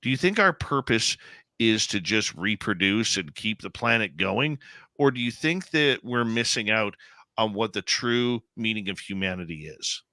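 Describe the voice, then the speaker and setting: Male radio host, low pitch, bright tone, dry close sound, wry and joking. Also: lively intonation, normal speed, dry recording. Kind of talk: casual interview talk.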